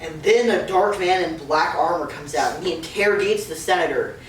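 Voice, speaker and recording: A woman giving a casual, joking lecture to friends, retelling a story with laughs and quick asides. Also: lowish voice, crowd noise. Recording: echoey room, far from the mic, faint noise.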